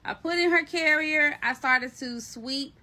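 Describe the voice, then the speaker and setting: A woman telling a personal story to her viewers in a casual, animated, slangy way, calling them y'all and baby. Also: sits high, unhurried. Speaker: storyteller recounting a personal event.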